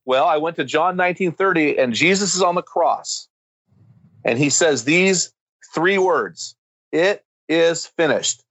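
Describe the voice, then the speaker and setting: A man with a fairly high voice speaks like a preacher, driving his points home with emphatic, rising intensity. The sound is dry and close, with no room around it. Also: measured pace, fairly bright tone, no room sound, low-quality recording. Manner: emphatic, builds to fervent climaxes. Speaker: guest speaker on men's ministry. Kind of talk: impassioned preaching-style storytelling.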